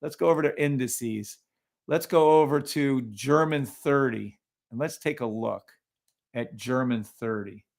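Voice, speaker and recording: A man's voice: mid-range voice, a little slow, gravelly. A man hosting a live trading stream, talking casually over charts and greeting viewers in the chat, often sounding incredulous.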